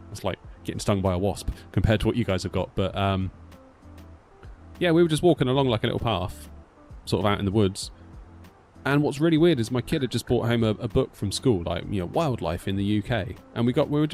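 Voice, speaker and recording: A British man with a fairly low voice rambles through an anecdote on a live stream. He talks casually and animatedly, jumping into little quoted voices as he goes. Some music plays quietly underneath. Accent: British English. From United Kingdom. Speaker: flight sim streamer.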